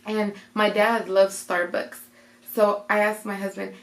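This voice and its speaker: A young woman chats through a personal story for her vlog. Her voice has a gravelly fry, and she slips into quoted voices. The sound carries a roomy echo. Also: medium pitch, measured pace. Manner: animated retelling that jumps into quoted voices. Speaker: vlogger. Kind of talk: casual storytime.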